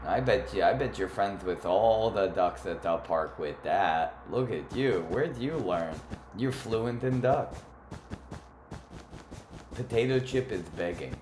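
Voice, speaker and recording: A man's voice: low-pitched, measured pace, few pauses, darkish tone, slight background noise. A man livestreaming a game, chatting playfully and teasing his viewers. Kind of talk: casual gaming livestream chat. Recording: roomy echo with faint music.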